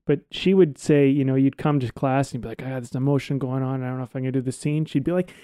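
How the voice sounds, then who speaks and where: Laid-back swearing podcast guy, mellow voice. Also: medium pitch, quick pace, clear, resonant tone, dry recording, studio quality. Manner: relaxed, rambling, swears casually. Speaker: podcast co-host. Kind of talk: casual podcast chat.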